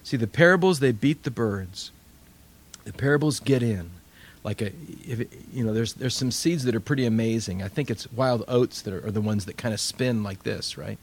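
Male pastor, mid-pitched, lively sermon delivery with quoted voices. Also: normal speed. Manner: animated storytelling, acts out quoted voices.

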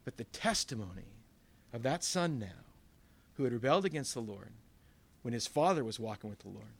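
A man's voice: medium pitch, vocal fry. A man preaching a sermon as pastor, telling stories with quoted voices and emphatic rises. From Northern California.

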